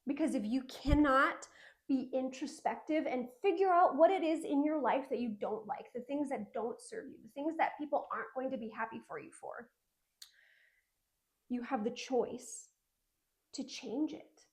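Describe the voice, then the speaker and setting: A woman with a high voice co-hosts a casual wellness chat. She talks in an earnest, reflective way and tells stories, often restarting her sentences as she goes. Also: normal speed. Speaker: podcast co-host.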